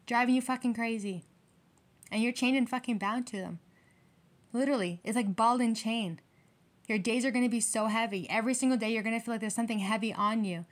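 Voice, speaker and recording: Blunt, profane woman reading tarot. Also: fairly high pitch. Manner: blunt, profane, emphatic, heated. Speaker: tarot reader. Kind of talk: casual tarot reading monologue.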